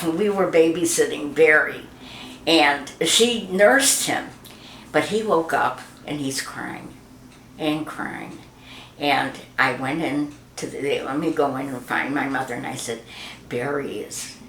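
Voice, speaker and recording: A woman's voice: low voice, a bit bright, a little hiss or hum. An older woman being interviewed, chatting about old memories and acting out the voices in her stories. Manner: chatty, acts out quoted voices. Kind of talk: reminiscing storytelling. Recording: roomy echo.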